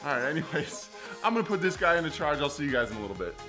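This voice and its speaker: A man in his twenties chats casually to camera as a vlogger, playfully overdramatic and full of jokes. His voice is a little high and sing-song, racing along over music.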